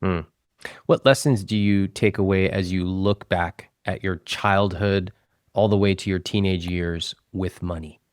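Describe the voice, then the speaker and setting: A man hosting a personal finance interview, asking calm, probing questions of a couple. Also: low-pitched, unhurried, smooth, no room sound, clean studio sound. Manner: calm, probing questions, quotes others' words back. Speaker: host, financial advisor.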